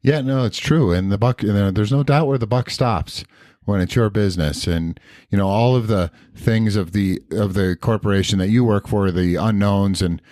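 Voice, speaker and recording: A tired man co-hosting a podcast, talking in a rambling, halting way with many restarts. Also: fairly low pitch, a little mellow, dry recording, studio quality. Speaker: podcast co-host. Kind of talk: casual podcast conversation.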